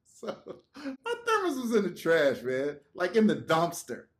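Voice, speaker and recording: A man tells a work story as a podcast guest, his voice sitting a little high. He is animated, acts out what others said, laughs and swears. The talk is loose and conversational. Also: slow. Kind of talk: casual storytelling.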